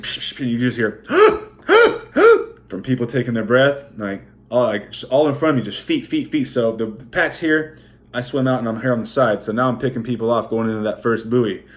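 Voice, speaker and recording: A young man, a triathlete, recapping his race to camera at home in his kitchen, telling it in a profane, animated way with sound effects. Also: mid-range voice. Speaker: vlogger, triathlete.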